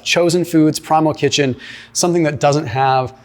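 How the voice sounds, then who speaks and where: A man's voice: a little high, steady tone, moderate pace. Emphatic man explaining nutrition. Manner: emphatic, explanatory, peppers speech with "right?" and "like". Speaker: nutrition commentator. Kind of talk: commentary reacting to a clip.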